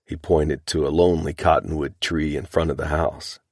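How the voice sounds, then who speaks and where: A man narrating a western audiobook in a measured, even storytelling manner. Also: extremely low pitch, no room sound, clean studio sound.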